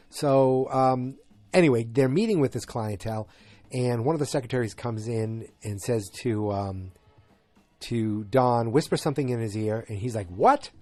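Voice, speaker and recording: A man's voice: medium pitch, darkish tone, dry recording. A man from north of Boston with a slight Boston accent, recapping a TV episode in a casual, rambling way with jokey asides. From north of Boston, Massachusetts. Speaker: podcast host.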